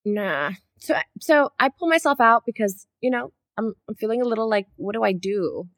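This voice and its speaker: A woman co-hosting a podcast, telling a story in casual chat, animated, swearing freely and acting out her own reactions. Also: a little high, moderate pace, no room sound, studio quality. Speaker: podcast co-host.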